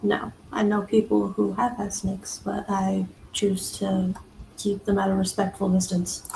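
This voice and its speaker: A woman as a guest in a casual chat, teasing in a dry, deadpan way. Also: mid-range voice, unhurried, creaky, slight background noise, low-quality recording.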